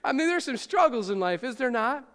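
A man preaching a sermon as a pastor, animated, throwing rhetorical questions at his congregation. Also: very high voice, fairly quick, big-room sound.

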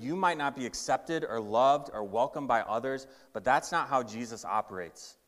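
A man's voice: mid-range voice, a bit bright. A male pastor preaching a sermon with emphatic storytelling and a shifting pace. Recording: reverberant hall.

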